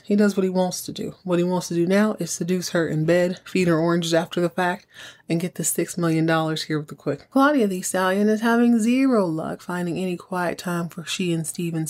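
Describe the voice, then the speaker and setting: Chatty woman recapping a soap. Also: on the low side. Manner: animated, acts out characters' lines with voices. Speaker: podcast host. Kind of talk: casual recap chat.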